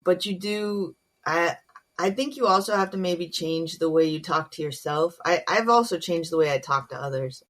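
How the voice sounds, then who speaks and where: A woman's voice: lowish voice, normal speed, a bit bright. Frank, earnest woman guest speaking candidly. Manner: frank and earnest, with many "um" and "you know" asides. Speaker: guest, naval officer and comedian. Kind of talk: candid podcast conversation.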